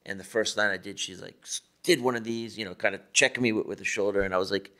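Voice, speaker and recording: A man's voice: on the low side, fairly even intonation, fast, hardly any pauses, pushed and bright. A man, a tattooer on a podcast panel, telling shop stories in a rambling way full of restarts and "you know". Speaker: tattooer guest. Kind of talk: casual panel chat.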